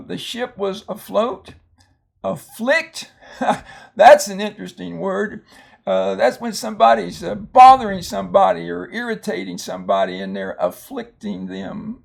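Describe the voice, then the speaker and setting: Older man, reading tutor, gravelly, high-pitched voice, patient, halting phonics lesson. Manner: slow, patient explaining with many ums and restarts.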